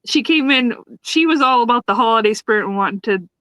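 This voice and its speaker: A woman's voice: on the high side, expressive, fast talker, pushed and bright, dry recording, poor audio. A woman co-hosting a podcast, retelling a sitcom episode in casual chat, acting out the characters' lines and laughing often. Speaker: podcast co-host reviewing a sitcom.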